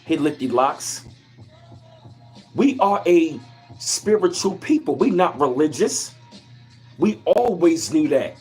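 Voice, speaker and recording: High-voiced guy going off on a livestream, preachy and fired up, faint music behind. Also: big pitch swings, takes it slowly, long pauses, a little mellow, breathy edge. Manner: fiery, preachy, repetitive, profane. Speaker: livestream host.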